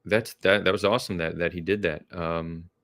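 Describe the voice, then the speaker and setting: Man, very low voice, podcast host, casual conversation, thoughtful, restarts a lot. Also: steady tone, normal speed, fairly bright tone. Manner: thoughtful, hesitant, many restarts.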